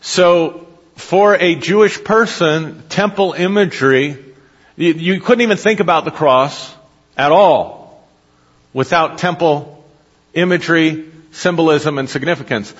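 A man's voice: on the high side, a little slow, slightly rough. A man preaching a sermon, reading scripture aloud and explaining it, asking his listeners questions as he goes. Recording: dull hall recording with long reverb.

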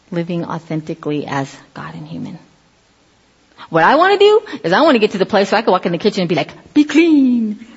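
Middle-aged woman preacher, husky voice, casual storytelling sermon, long hall reverb, dull lo-fi sound. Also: mid-range voice. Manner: animated storytelling, acts out quoted voices.

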